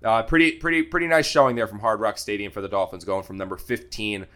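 A young man with a somewhat low voice talks through a casual sports podcast. He repeats and restarts words, and he gets fired up and loud when he defends his opinions. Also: fast. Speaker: sports beat writer and podcast co-host.

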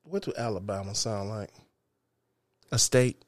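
A man's voice: fairly low pitch, a little slow, no echo. A man co-hosting a podcast in casual chat, laid-back and teasing with dry jokes. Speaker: podcast co-host.

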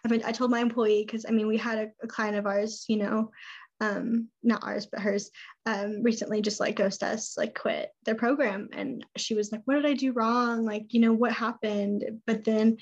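A woman's voice: on the high side, level tone, normal speed, darkish tone. A woman who owns an esthetics business, chatting casually as an interview guest and talking with many "like" and "I mean" fillers. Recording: dull lo-fi sound.

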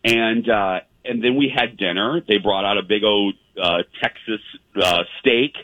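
A man's voice: fairly low pitch, a little slow, no echo. Guy host rambling thru a story, lots of ums, dry phone-line sound. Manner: rambling, with many fillers and restarts. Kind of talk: casual storytelling chat.

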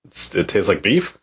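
Casting: low husky-voiced male podcast co-host, blunt and profane, slightly dull lo-fi sound. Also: fairly bright tone. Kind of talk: casual podcast chat.

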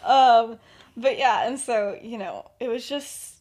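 A woman's voice: a little high, slow pace, a little mellow. A young woman casually retelling a story on a podcast, laughing often and filling her speech with "like". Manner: giggly, laughs through her sentences, heavy use of "like". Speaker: podcast co-host.

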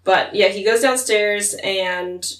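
A woman talks through a book with a friend in a relaxed, chatty way, slipping into characters' voices as she retells scenes. Her voice sits a little back from the microphone in a roomy, echoing space. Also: medium pitch, slow pace, far from the mic. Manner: chatty recapping, acts out characters' lines with laughter. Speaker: podcast co-host. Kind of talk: casual book discussion. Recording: roomy echo, voice set back from mic.

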